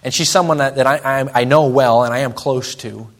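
A young man preaching to his church, telling a personal story in an earnest way and slowing to press his points home. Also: mid-range voice, fairly even intonation. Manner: earnest storytelling, slows and presses on key lines. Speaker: pastor.

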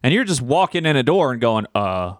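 A man's voice: a little high, fast talker, no echo, studio quality. A man co-hosting a casual podcast, chatty and joking. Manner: lively, chatty, joking asides. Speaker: podcast co-host. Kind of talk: casual chat.

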